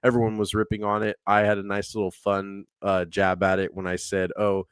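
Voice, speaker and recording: A man's voice: fairly low pitch, monotone, a little fast, smooth, no room sound. A young man co-hosting a casual podcast, rambling, laughing often and reading viewer comments aloud. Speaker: podcast co-host reading chat.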